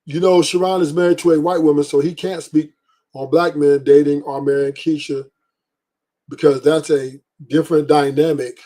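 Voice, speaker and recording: A podcast host rants bluntly through a livestream commentary, swearing and hammering the same points again and again. His voice sits on the high side, with a dark, level tone and a moderate pace.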